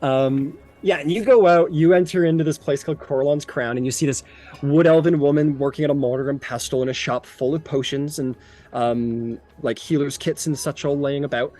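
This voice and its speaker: A man's voice: on the high side, brisk, warm tone. A man narrating as game master of a tabletop game, in loose, filler-heavy storytelling.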